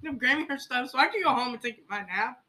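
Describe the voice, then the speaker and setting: Lively high-voiced woman playing a tabletop game. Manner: exasperated, swearing, quick comebacks. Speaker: player. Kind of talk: casual tabletop play.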